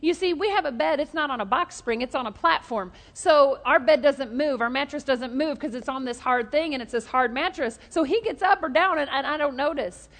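A woman's voice: high-pitched, brisk, few pauses, a bit bright, in a large hall. A woman pastor preaching a sermon, telling jokes and stories and leading the congregation in call-and-response.

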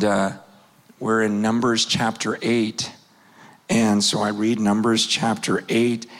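A man in his fifties preaching a sermon, telling a personal story with passion, swinging from loud urgency to hushed quiet. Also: fairly low pitch.

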